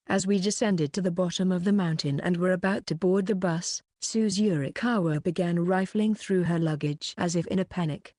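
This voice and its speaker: A woman narrating an audiobook in a steady, even read. Her voice sits on the low side, and the recording is dry and close, with no room sound. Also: no echo. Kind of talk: scripted narration.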